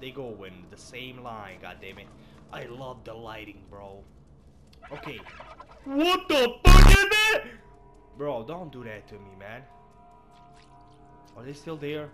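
A man giving excitable, foul-mouthed commentary while playing a video game, shouting out in sudden bursts and calling everyone bro. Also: medium pitch, unhurried, pauses often. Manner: excitable, swears a lot, sudden loud outbursts; calls viewers and game characters bro and man. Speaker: gaming channel host. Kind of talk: live gameplay commentary. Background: game soundtrack music.

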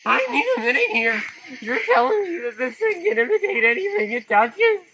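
A young woman playing a panicky, disbelieving youth with shrill, incredulous outbursts. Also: very animated, normal speed, sharp tone, full character voice. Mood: panicked. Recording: distant mic with clear noise.

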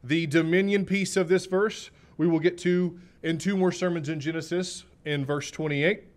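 Male preacher, slightly high voice, emphatic sermon delivery, repeats and slows on key points. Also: fairly even intonation. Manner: clears throat now and then.

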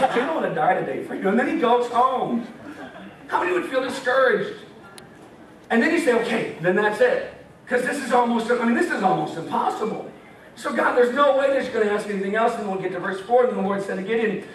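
A man's voice: very high voice, a little fast, slight background noise. A young man giving a casual, joking sermon with scripture reading, acting out voices as he tells the story. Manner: animated, jokey, acts out voices of God and Gideon. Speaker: campus ministry speaker. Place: meeting hall. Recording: echoey hall, from far off.

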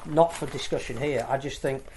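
A man co-hosting a casual sport discussion podcast, measured and thoughtful. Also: mid-range voice, noisy background. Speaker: podcast co-host.

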